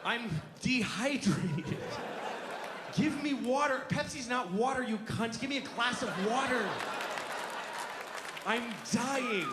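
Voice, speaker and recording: A man voicing a whiny, dehydrated young boy who shouts and pleads at his mother, recorded live in a club. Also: very high voice, lively intonation, slow, pauses often, crowd noise, noisy background, full character voice. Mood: pleading. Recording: roomy live club with audience laughter.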